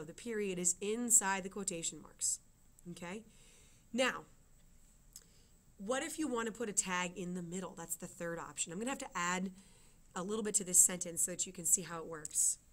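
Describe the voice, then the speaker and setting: A woman's voice: medium pitch, a bit bright. A woman teaching a writing lesson, explaining step by step and checking in with her students. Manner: explains step by step, often asks "okay?".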